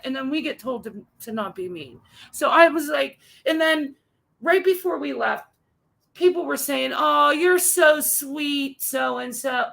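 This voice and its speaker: A woman's voice: high-pitched, vocal fry, a bit bright, low-quality recording. A woman co-hosting a casual chat, telling an exasperated, ranting story. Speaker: co-host.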